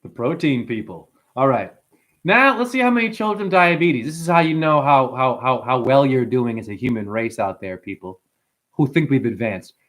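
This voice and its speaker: A man ranting to his chat on a livestream, swearing a lot and rambling, swinging from loud outbursts to low muttering. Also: moderate pace. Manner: profane, rambling, excitable, swings between shouting and muttering. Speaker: live streamer. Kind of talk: unscripted livestream rant to chat.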